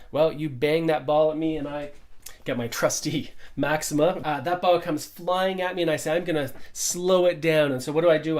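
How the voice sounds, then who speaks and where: A middle-aged man, a pickleball coach, giving an upbeat conversational lesson full of rhetorical questions. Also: a little high. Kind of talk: instructional explainer.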